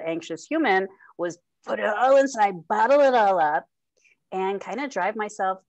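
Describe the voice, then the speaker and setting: A woman's voice: medium pitch, no room sound. Middle-aged woman guest, heartfelt and chatty, lots of ums and little laughs, dry close mic. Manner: open and heartfelt, laughs often, many fillers and restarts. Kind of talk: candid personal interview.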